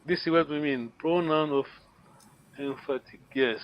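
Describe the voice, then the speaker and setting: Man, high voice, patient language teacher, muffled lo-fi call audio. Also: unhurried. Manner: patient, checks understanding with repeated "yes?". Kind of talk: online language lesson.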